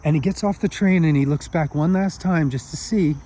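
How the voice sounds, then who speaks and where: A man's voice: on the high side, a little fast, dark tone. A man telling a spiritual story outdoors in an earnest, heartfelt way.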